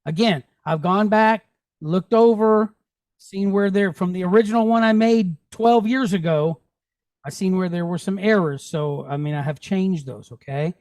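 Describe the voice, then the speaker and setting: A man's voice: sits high, normal speed, darkish tone, no echo. A man teaching a Hebrew class, patiently drilling sounds and checking that students follow. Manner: patient, checks understanding often; drills pronunciation aloud.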